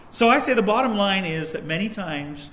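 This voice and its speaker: A man's voice: sits high, bright, forceful tone, slight background noise. A young man preaching a sermon, telling a personal story in a conversational way with little asides. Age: young adult.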